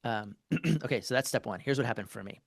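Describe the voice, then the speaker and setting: A man's voice: mid-range voice, animated, brisk, vocal fry, no room sound. A man, a marriage therapist, talking as a podcast guest in a loose, conversational way, full of fillers and restarts as he walks through an example. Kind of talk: casual interview conversation.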